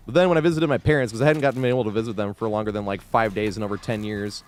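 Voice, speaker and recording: A man's voice: lowish voice, racing, hardly any pauses. A man streaming a game live, chatting casually with viewers, swearing freely, laughing often and thanking supporters as he plays. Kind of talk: live gameplay commentary.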